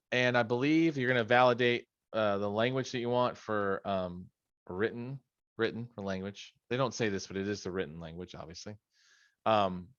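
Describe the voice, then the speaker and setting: A man's voice: fairly low pitch, fairly bright tone, no room sound, lo-fi sound. A middle-aged man leading a study session on a video call from his home office, in a casual, rambling way with joking asides. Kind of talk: casual training talk.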